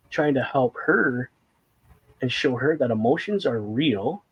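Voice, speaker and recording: A man with a husky, slightly rough voice talks openly about his feelings in a relaxed conversation. He rambles a little, leaning on fillers, and sounds close to tears at times while staying earnest. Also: mid-range voice, moderate pace, poor audio. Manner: candid, fighting back tears at times. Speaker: guest sharing a personal story. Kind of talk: casual conversation.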